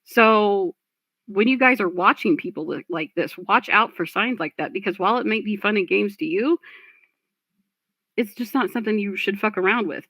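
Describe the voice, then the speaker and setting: A woman's voice: medium pitch, fairly bright tone, dry recording. A woman streamer commenting on a clip, blunt and profane, lecturing her chat.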